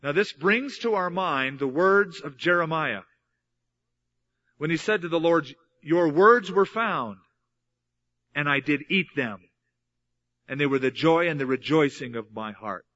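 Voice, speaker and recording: A man's voice: a little high, animated, a little slow, pauses often, pushed and bright, muffled recording. A man preaching a sermon, teaching earnestly from the Bible and repeating key phrases for emphasis. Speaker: pastor.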